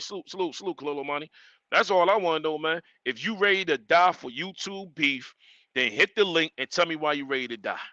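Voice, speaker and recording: A man's voice: on the high side, dry recording, lo-fi sound. A man hosting a live stream, ranting emphatically and repeating his points. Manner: animated, emphatic, repeats himself. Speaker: livestream host.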